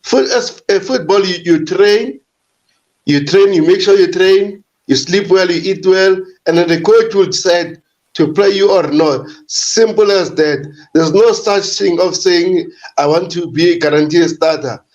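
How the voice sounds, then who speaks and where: A man's voice: sits high, unhurried, darkish tone. Firm-spoken man on dull remote audio. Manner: firm, repeats himself for emphasis. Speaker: panelist on a football stream. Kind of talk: casual opinionated commentary.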